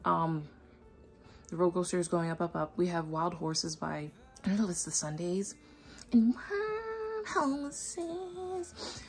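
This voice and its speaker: A woman's voice: low voice, flat delivery, moderate pace, gravelly, breathy edge, soft background music. A woman vlogger chatting to camera at home in a rambling, enthusiastic way. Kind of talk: casual chat to camera. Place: at home indoors.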